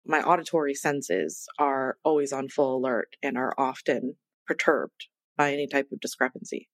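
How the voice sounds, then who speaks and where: A woman's voice: rumbling low, normal speed, no room sound. A woman hosting her own podcast, talking casually and chattily in a self-deprecating, rambling way. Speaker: podcast host. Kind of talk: casual solo podcast intro.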